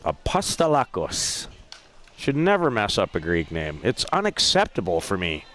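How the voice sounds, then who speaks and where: A man calling a softball game play by play, lively, with self-deprecating asides about player names. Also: low voice, normal speed. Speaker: play-by-play announcer. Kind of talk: sports commentary.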